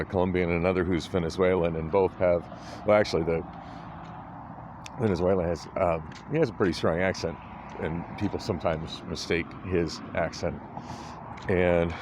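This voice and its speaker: A man's voice: sits low, darkish tone, a little hiss or hum. A tired, groggy middle-aged man rambling through a casual vlog, hesitant and full of ums and restarts. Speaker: vlogger.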